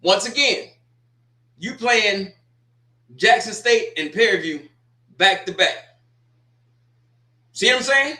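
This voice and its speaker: High bright-voiced man in an echoey room. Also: animated, slow, pauses often. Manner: folksy, rambling, with frequent restarts and asides. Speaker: sports talk show host. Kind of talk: casual sports commentary monologue.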